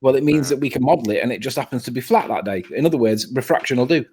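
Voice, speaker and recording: A man's voice: medium pitch, racing, darkish tone. A man on a video call, arguing a point insistently in a casual debate and stumbling over his words. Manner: stammering, insistent. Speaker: caller on a live stream.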